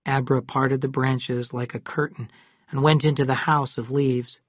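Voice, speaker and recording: A narrator reading a classic novel aloud in slow, clear, evenly paced English for learners. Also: medium pitch, little pitch movement, dry recording, clean studio sound.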